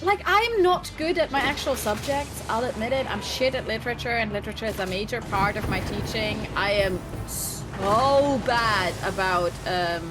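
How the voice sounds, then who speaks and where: A woman's voice: mid-range voice, normal speed, hardly any pauses, music in the background. A woman in her twenties chatting casually on a stream, blunt and ranting, swearing freely. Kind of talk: casual chat.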